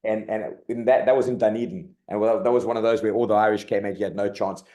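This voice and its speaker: In a casual interview, a middle-aged South African man who coaches rugby tells animated, colloquial stories, saying "mate" a lot. He talks fast, and his voice is on the low side.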